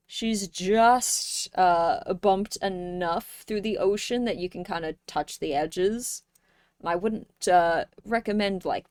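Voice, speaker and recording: A young woman streamer chatting casually with her viewers, playful and joking, with sudden loud bursts. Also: medium pitch, smooth, dry recording, clean studio sound. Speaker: live streamer.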